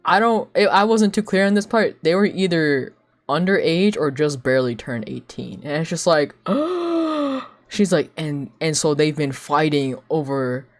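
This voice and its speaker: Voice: mid-range voice, normal speed, soft background music. A young adult streamer chatting casually while drawing, telling gossip, acting out what others said with gasps and lots of fillers. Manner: gossipy storytelling, acting out quoted people with gasps; filler-heavy, many "like"s. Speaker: live streamer.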